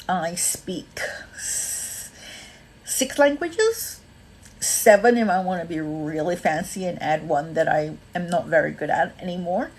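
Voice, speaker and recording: On a casual livestream, a Malaysian woman rambles with plenty of ums and says hello to viewers by name. She speaks in a lowish, darkish voice with a mixed accent, largely American with some Australian, and the poor audio carries a little hiss or hum.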